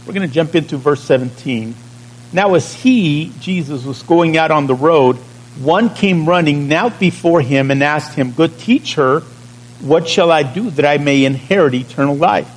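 Over poor-quality audio, a pastor with a higher-pitched male voice preaches at a moderate pace. He keeps it conversational, stretches important words, and checks in with his listeners.

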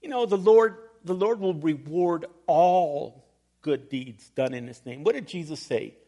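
A middle-aged man preaching a sermon as pastor, telling a personal story with humor and animated emphasis. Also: fairly high pitch, unhurried. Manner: storytelling, animated, laughs at himself.

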